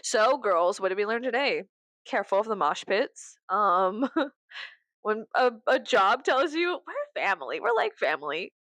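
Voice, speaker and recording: A young adult woman vlogging in a casual, profane storytelling rant, acting out the people she quotes. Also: dry recording. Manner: profane, animated, quick asides; acts out quoted people with big pitch jumps.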